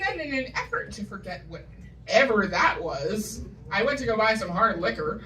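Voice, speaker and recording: A woman's voice: mid-range voice, very animated, moderate pace, crowd noise. A woman doing a stand-up comedy set, telling wry, self-deprecating stories with punchy asides, from New England. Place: comedy stage before a live audience. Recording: live stage recording, mic from a distance, loud audience.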